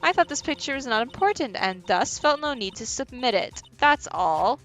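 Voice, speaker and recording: A woman's voice: sits high, animated, normal speed, fairly bright tone, faint music behind. Woman doing a cold, haughty lady prosecutor. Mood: dismissive. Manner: cold, condescending. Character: haughty young female prosecutor.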